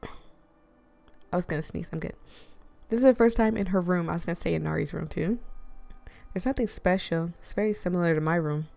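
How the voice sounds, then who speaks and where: A woman's voice: lowish voice, fast, gravelly, mellow. A woman playing a horror visual novel, reading the narration aloud and breaking off into chatty, rambling asides. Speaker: gaming streamer.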